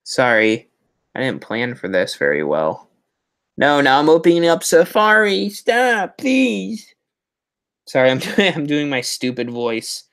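A man chatting his way through a casual live stream as its host. He rambles and keeps up a running stream of self-mocking asides, in an ordinary voice that is neither high nor low. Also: measured pace, a bit bright, clear, resonant tone. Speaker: host of a Halloween prop channel live stream.

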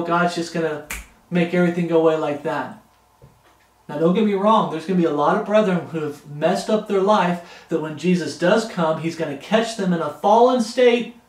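A man preaching in an earnest, pleading manner, his voice sitting noticeably high for a man. The recording carries the echo of a roomy space around him. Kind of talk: sermon.

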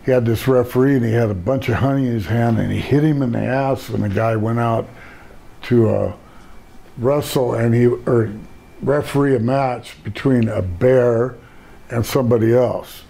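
A man's voice: medium pitch, moderate pace, creaky, mellow. An older man, a retired pro wrestler, telling rambling laid-back stories in a casual interview and laughing at his own jokes.

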